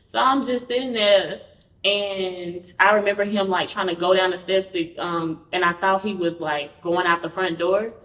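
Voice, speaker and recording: A woman guest telling a personal story in an interview. She talks candidly and acts out the quoted dialogue with lively energy. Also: lowish voice, moderate pace, hardly any pauses. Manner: candid, conversational. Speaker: podcast guest. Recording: roomy, mic at a distance.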